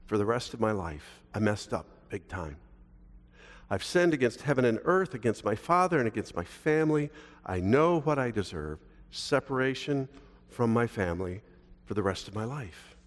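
Casting note: a man doing a contrite young son, soft and pleading, middle pitch, long hall reverb. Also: expressive, normal speed, lightly acted. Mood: remorseful. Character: remorseful young man begging his father's forgiveness.

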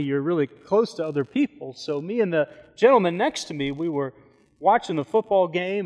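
Male pastor, slightly higher voice, relaxed storytelling sermon with joking asides, long church reverb. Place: church sanctuary.

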